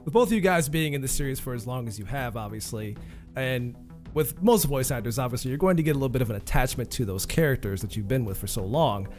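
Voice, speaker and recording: A man's voice: mid-range voice, expressive, quick pace, a little mellow, faint music behind. A man hosting a casual interview, asking eager, hedging questions. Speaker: podcast host.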